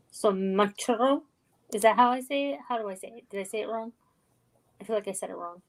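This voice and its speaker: A middle-aged woman chatting casually as co-host, easygoing and self-deprecating, quick to laugh. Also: on the high side, darkish tone. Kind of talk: casual chat.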